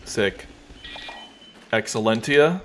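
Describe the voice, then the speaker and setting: A man streaming a game, talking in a relaxed, wry, joking way as he plays. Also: on the low side, slow, a little hiss or hum. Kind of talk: casual gameplay commentary.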